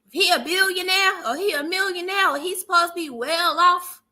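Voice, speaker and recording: A woman speaking as a dating coach in casual advice talk, animated and preachy, punctuating points with "okay?". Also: extremely high pitch, normal speed.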